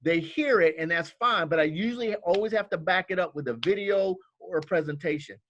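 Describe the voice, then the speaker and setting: A man's voice: high-pitched, a little fast, a bit bright, muffled recording, a little hiss or hum. A man training new team members in a casual, coaching way. He often checks in with "okay?" and acts out quoted lines in livelier voices. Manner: coaching, repeats "okay?" and "all right?" often.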